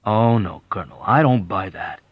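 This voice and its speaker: A man's voice: fairly low pitch, normal speed, no room sound, lightly acted. A man reading an audiobook and voicing a wary young male army captain who talks bluntly. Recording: dull, dry lo-fi audiobook.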